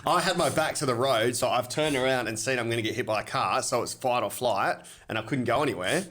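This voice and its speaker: A man's voice: medium pitch, fast talker, a bit bright. A man with an Australian accent co-hosting a podcast, crude and laughing often while telling stories. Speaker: podcast co-host. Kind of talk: casual chat.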